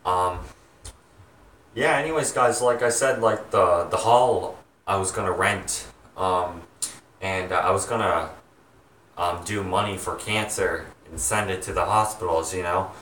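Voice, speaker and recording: A young man chatting to his viewers, rambling and halting with many ums and restarts. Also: deep voice, a bit bright, echoey room, far from the mic, a little hiss or hum. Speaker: vlogger, home haunt maker. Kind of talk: rambling casual chat to viewers.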